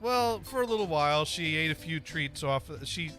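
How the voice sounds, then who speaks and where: A man's voice: a little high, animated, moderate pace, sharp tone, faint music behind. A man hosting a live stream, chatting casually, joking and laughing often. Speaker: stream host.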